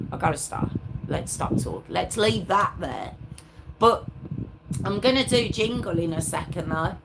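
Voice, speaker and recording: A woman hosting a live stream, chatting casually with her viewers in a rambling, self-mocking way. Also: a little high. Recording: clear background noise with clicks.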